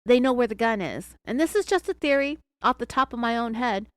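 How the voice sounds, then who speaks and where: A woman's voice: on the high side, animated, fairly quick, no echo, voice pushed up, close to an everyday voice. A woman reading as a pressing male federal agent. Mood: insistent. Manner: insistent, pressing, raised voice.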